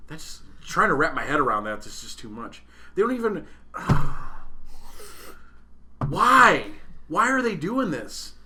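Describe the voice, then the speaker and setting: A man co-hosting a casual podcast chat, profane and rowdy, breaking into loud bursts of laughter. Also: on the high side, very animated, unhurried, long pauses, background noise. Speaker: podcast co-host.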